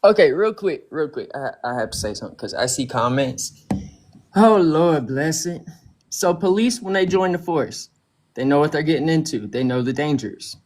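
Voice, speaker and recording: Male stream guest, higher-pitched voice, earnest and explanatory. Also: animated, normal speed, a little mellow. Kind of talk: casual livestream chat.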